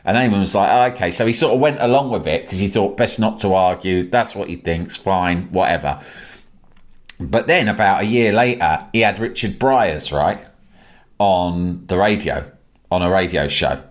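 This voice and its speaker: A man's voice: low-pitched, moderate pace. Man telling a sweary anecdote. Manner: animated, swears freely, lively quoted voices. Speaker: storyteller in a chat.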